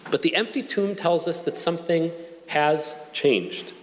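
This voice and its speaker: A man preaching an Easter-morning sermon in a measured, earnest way, with slow emphatic pauses. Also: a little high. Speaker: pastor. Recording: long hall reverb.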